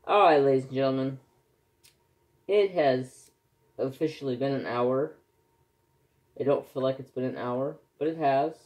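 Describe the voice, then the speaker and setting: A man's voice: mid-range voice, measured pace, pauses often. Chatty man telling stories while crafting. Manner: chatty storyteller, animated when telling anecdotes. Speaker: craft vlogger. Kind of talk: casual chat while crafting.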